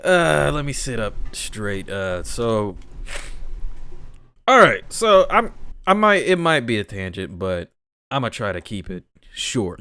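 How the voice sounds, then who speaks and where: A man's voice: on the low side, creaky, bright, forceful tone, no room sound. A man co-hosting a podcast, talking in a laid-back, rambling way full of fillers and slang. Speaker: podcast co-host. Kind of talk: casual chat.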